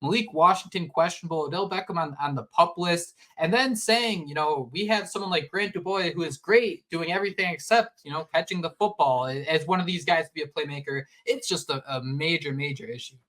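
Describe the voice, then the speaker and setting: A man co-hosting a sports podcast in casual chat, animated and rambling with frequent restarts. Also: fairly high pitch, a little fast, few pauses. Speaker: podcast co-host.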